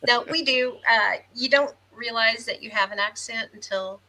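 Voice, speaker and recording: A woman's voice: fairly high pitch, normal speed, sharp tone, rough recording. A chatty woman with a Southern American accent, co-hosting a live podcast and reading viewer comments aloud. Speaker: podcast co-host. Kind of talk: casual chat on a live stream.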